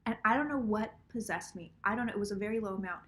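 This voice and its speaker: A woman hosting a live tarot stream, chatting casually. She is an animated, swearing storyteller who laughs often and acts out other people's lines. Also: medium pitch, fast.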